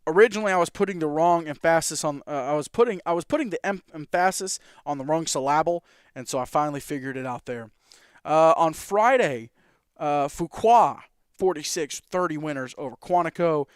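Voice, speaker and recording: A man with a slightly high, smooth voice hosts a sports show and runs through score after score with casual fillers. He corrects himself now and then and keeps the rundown moving. The sound is dry and close. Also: no echo. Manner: reads scores quickly, with fillers and self-corrections.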